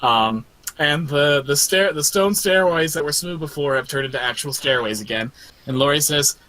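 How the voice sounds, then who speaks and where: A man narrating as game master in a tabletop game, animated and laughing often. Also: a little high, normal speed, dry recording.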